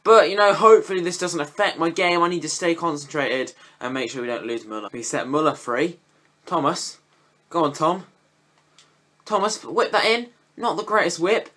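A young man giving live gameplay commentary, swearing and breaking into high yelps at big moments. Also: moderate pace, a bit bright. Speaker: gaming YouTuber.

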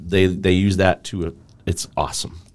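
A young man with a very deep voice chats on a casual podcast. He talks with eager, emphatic enthusiasm. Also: flat delivery, moderate pace. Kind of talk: casual chat.

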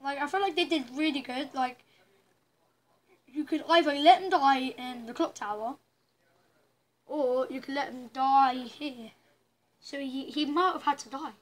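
A woman's voice: high-pitched, measured pace, long pauses, poor audio. A woman giving casual, rambling commentary while playing a story game, reacting aloud as she goes. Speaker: gaming channel host. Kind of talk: casual let's-play commentary.

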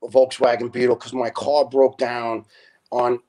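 A man, a retired firefighter telling lively stories as a podcast guest and acting out the people in them. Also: a little slow. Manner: animated storyteller who acts out quoted people with big pitch jumps. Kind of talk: storytelling in a podcast interview.

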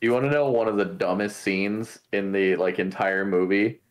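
Swearing man in casual podcast chat. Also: normal speed. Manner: animated, swears, acts out movie quotes in high voices.

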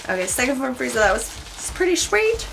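A woman's voice: sits high, big pitch swings, brisk, creaky, faint music behind. A young woman vlogging an unboxing, gushing with squealing exclamations and chatty asides, her voice cracking. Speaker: YouTuber. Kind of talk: excited unboxing vlog.

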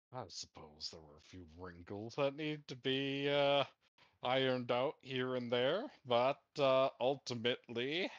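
A male player speaking in character in a tabletop game, slow to find his words. The sound is dry, with no room around it, and slightly muffled. His pitch sits in the middle for a man. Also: no room sound. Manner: unhurried, with many fillers. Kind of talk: in-character tabletop role-play.

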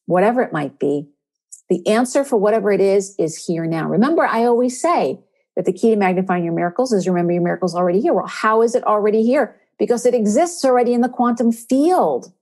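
A woman hosting a spiritual coaching podcast, speaking in an encouraging way and slowing down to stress key words. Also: fairly low pitch, a little mellow. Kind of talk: inspirational podcast talk.

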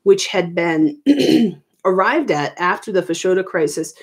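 A middle-aged woman reviewing history for an exam, explaining casually with many ums and quick self-corrections, recorded at home. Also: lowish voice, expressive, husky. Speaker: history teacher. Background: children arguing in the background.

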